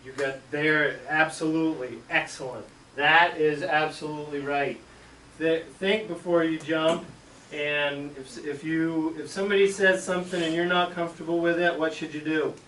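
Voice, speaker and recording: A man, a school superintendent, telling a childhood story to schoolchildren and acting out the yelps and shouts. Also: on the high side, moderate pace, a little hiss or hum. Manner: animated, acts out yelps and shouts. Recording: echoey room, mic far off.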